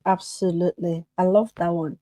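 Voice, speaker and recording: A woman's voice: fairly low pitch, level tone, moderate pace, warm tone, no echo, low-quality recording. A woman therapist speaking as a podcast guest, earnest and emphatic. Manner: emphatic, acts out quoted voices.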